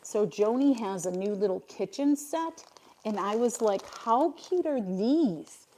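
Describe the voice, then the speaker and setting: A woman's voice: medium pitch, expressive, measured pace, dark tone. An older woman from Buffalo, New York, chatting casually on her livestream, reading out and answering viewers' comments and laughing often. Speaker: livestream host.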